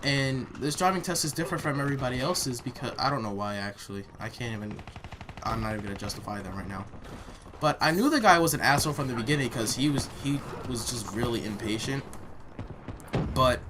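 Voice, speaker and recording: A man's voice: mid-range voice, animated, fairly quick. Profane young man ranting over noise. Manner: blunt, heated and profane. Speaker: vlogger. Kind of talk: casual storytime while gaming. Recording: noisy home recording.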